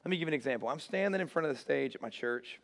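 Joking pastor preaching in a reverberant hall. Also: male voice, on the high side, expressive, rapid-fire, vocal fry, a bit bright. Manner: storytelling with acted-out quotes, self-mocking humor. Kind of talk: sermon.

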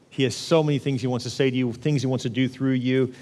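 A male pastor preaching a conversational sermon, often acting out prayers in a lively voice. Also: medium pitch, brisk, some chatter behind, slight background noise. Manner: conversational, acts out prayers in an animated voice. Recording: long reverb of a large hall.

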